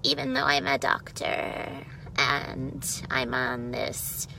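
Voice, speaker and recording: A voiceover actress doing a mocking impression of a grown woman, with a babyish voice full of vocal fry. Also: extremely low pitch, level tone, slow, pushed and bright, a little hiss or hum, heavily acted, low-quality recording.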